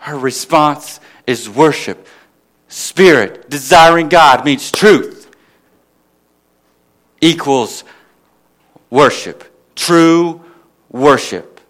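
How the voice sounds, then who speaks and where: Man preaching a sermon, slightly high voice. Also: drawn-out words, long pauses, fairly bright tone. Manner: rhetorical questions to the crowd, building to emphatic peaks.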